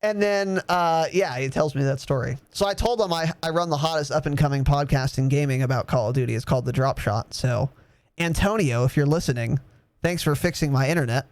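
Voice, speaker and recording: A young man in his twenties hosting a podcast, telling a story in a loose, animated way, swearing and laughing as he goes. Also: a little high, fairly quick, no echo. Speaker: podcast host. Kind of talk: casual storytelling.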